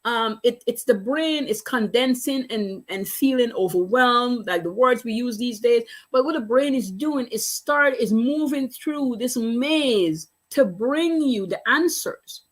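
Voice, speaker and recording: Woman, business coach, motivational storyteller; slightly raised pitch, earnest and emphatic, repeats key lines. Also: a little slow, hardly any pauses. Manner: earnest, repetitive, emphatic phrasing.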